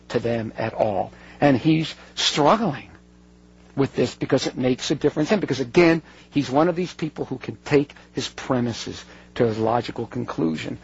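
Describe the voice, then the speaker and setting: A man's voice: on the high side, vocal fry, husky. A man giving a conversational talk to an audience, digressive and earnest, often breaking off mid-sentence and circling back. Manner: digressive, self-interrupting, earnest. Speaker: speaker addressing an audience. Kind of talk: conversational talk with read-out quotes. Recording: dull lo-fi recording.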